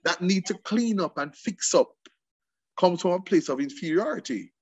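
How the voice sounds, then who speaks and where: A man's voice: sits high, animated, moderate pace, crowd noise. A man with a Jamaican accent speaking as an interview guest, switching between patois and English with passionate emphasis.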